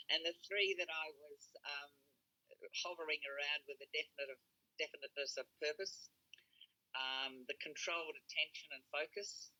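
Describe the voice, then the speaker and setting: A woman's voice: low-pitched, moderate pace, sharp tone, no room sound, rough recording. A middle-aged woman calling in to a coaching session, earnestly sharing her progress with a few hesitant fillers. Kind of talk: casual call-in chat.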